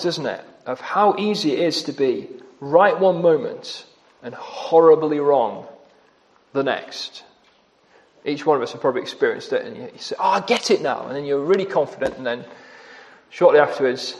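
A man preaching a sermon, emphatic, with shifts in pace and loudness for stress. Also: fairly high pitch. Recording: long reverb of a church hall.

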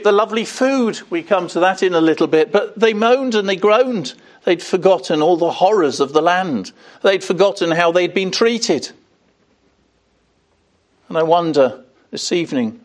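An older man preaching an evening sermon in an earnest way, asking rhetorical questions and rising on key words. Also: a little high.

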